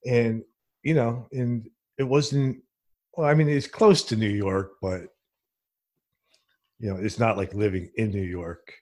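A man from New Jersey hosting a casual podcast interview, rambling in a relaxed way. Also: on the low side, measured pace, pauses often. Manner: relaxed, rambling, many fillers. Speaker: podcast host.

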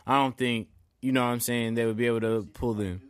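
This is a man hosting a laid-back sports podcast, talking in loose, profane slang. His voice sits at an ordinary pitch and sounds dry and close, with no room around it. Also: steady tone, quick pace, clear, resonant tone, dry recording. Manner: slangy, profane, keeps asking "you feel me". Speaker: podcast host. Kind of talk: casual sports chat.

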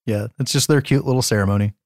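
A man's voice: medium pitch, fast, darkish tone, no room sound, studio quality. A man co-hosting a casual movie chat, mostly agreeing in short lines with wry jokes. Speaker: podcast co-host.

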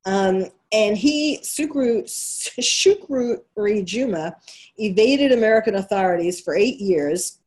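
A talk radio host, a woman whose New York accent colours her speech. She talks straight at her listeners in an emphatic monologue and keeps asking them rhetorical questions. Her voice sits at an ordinary middle pitch for a woman. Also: animated, slow, darkish tone.

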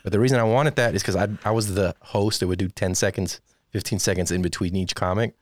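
A very deep-voiced man in a casual interview, spinning animated stories and acting out every character he quotes. The sound is dry and close, with no room around it. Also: fast, no echo. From Texas. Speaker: stand-up comedian.

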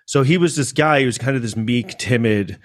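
A man's voice: mid-range voice, brisk. A man from New York City telling a personal story in a casual monologue, rambling with restarts and asides.

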